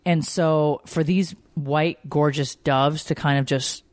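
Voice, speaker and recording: A woman's voice: sits low, slow, no room sound. Chatty woman podcast host, casual storyteller, dry close sound. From Georgia, US. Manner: chatty storyteller, lively quoted voices. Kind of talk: casual chat.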